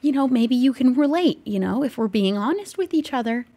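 This Minecraft roleplay streamer is a young woman whose voice sits high and sounds animated, a little fast, and dark in tone. Staying in character for the game, she jokes nervously, rambling and stammering along.

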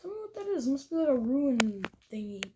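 A young woman giving casual gameplay commentary, thinking aloud, getting excited and now and then dropping into whispers. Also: sits high, fairly quick. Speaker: gaming video creator. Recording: faint background noise.

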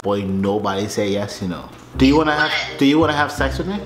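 A man's voice: mid-range voice, animated, brisk, hardly any pauses. A man trolling strangers on a video chat app in a mocking, brash broken-English voice. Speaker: prank YouTuber. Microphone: phone or webcam on a video chat. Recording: echoey room with music behind.

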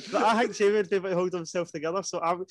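Brief: high-pitched twenties male co-host, teasing and inquisitive. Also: fairly even intonation, a loud crowd. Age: 20s. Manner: questioning, teasing, quick to laugh. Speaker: podcast co-host. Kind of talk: casual chat among friends.

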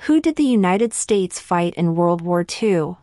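A woman slowly reading civics test questions and answers in a measured, deliberate way. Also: on the low side, animated, dark tone, no echo, clean studio sound. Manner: measured, deliberate delivery with long pauses.

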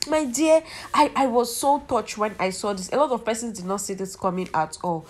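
A woman's voice: a little high, brisk, few pauses. Chatty Nigerian woman gossip vlogger. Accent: Nigerian English. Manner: chatty, exclamatory, addresses viewers as "my dear".

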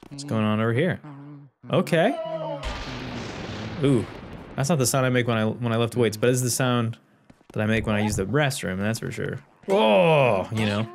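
A man's voice: medium pitch, normal speed, long pauses, noisy background. A man who hosts a gaming channel, giving joking, sarcastic let's play commentary. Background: game music.

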